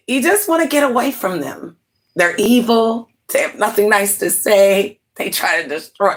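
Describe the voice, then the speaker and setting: A woman's voice: mid-range voice, a bit bright. A woman hosting a casual livestream, telling stories in a dramatic, rambling way. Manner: dramatic, rambling storyteller with laughing asides. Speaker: livestream host.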